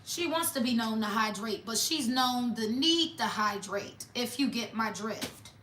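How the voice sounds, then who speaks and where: High-pitched woman reading tarot cards, sassy and mocking, throwing shade. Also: expressive, a little slow, pushed and bright, echoey room, a little hiss or hum. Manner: sassy, mocking, blunt trash talk. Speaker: tarot reader. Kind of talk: casual tarot reading vlog.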